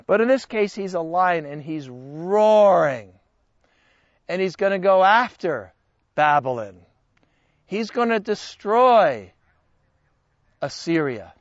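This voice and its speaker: Guy teaching a bible class, high voice, kinda muffled lo-fi sound, lively and chatty. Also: dry recording. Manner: animated, conversational, jokes with the class. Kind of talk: Bible study lecture.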